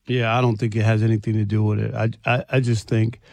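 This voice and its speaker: A man co-hosting a sports talk show, pushing back skeptically in a flat way. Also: on the low side, fast, gravelly, dry recording. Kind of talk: sports debate.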